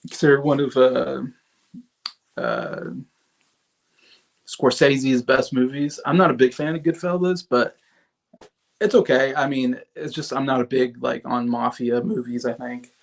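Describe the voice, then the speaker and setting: A man's voice: medium pitch, lively intonation, unhurried, gravelly, pauses often. Rambling man reviewing movies on a livestream. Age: 30s. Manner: rambling, with many fillers and restarts; chats with viewers in the comments.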